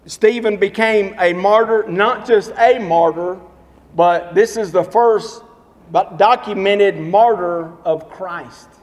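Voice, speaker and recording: High-voiced man preaching in a reverberant hall. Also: slow. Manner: emphatic, repetitive preaching with stories. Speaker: pastor. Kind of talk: sermon.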